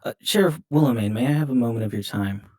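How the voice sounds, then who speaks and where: A man voicing a smooth-talking, self-assured adventurer. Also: mid-range voice, fast, a little mellow, natural voice. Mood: confident. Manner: earnest, persuasive, polite.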